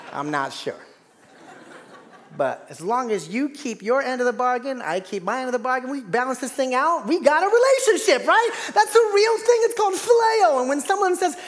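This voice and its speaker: A man's voice: very high-pitched, creaky. Dynamic man preaching in a large hall. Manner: dynamic, swings from loud to hushed. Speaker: pastor. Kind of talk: sermon.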